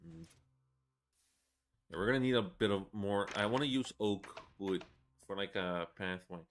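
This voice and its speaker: A man's voice: lowish voice, lively intonation, normal speed, faint music behind. A man in his twenties giving casual, rambling gameplay commentary, swearing a lot and laughing between rants. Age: 20s. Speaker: gaming video creator.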